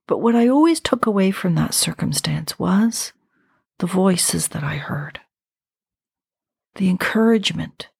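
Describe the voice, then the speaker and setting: A woman in her fifties hosts a podcast, speaking slowly and deliberately in a lower voice with a gravelly, husky edge. She shares a personal story reflectively, intimately, and animatedly, sitting close to the mic in a dry, quiet room with no echo.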